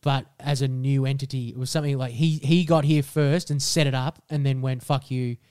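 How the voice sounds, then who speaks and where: A young Australian man co-hosting a casual podcast, swearing freely and ranting in an animated way. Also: mid-range voice, brisk, clean tone, dry recording, studio quality. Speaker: podcast co-host.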